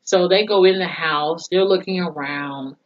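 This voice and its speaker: Low, profane woman recapping a show. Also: a little slow, highs cut off. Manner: profane, chatty storyteller acting out characters' lines. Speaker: TV reviewer. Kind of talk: casual episode recap.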